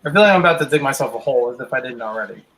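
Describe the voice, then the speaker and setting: A man's voice: medium pitch, lively intonation, very fast, a bit bright, poor audio. A man co-hosting a casual chat, thoughtful and hedging as he searches for the right words. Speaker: podcast co-host.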